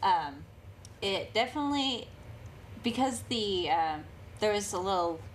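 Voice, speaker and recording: Female panel guest; hesitant, filler-heavy, mid pitch. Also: expressive, unhurried, a little hiss or hum. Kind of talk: casual panel chat.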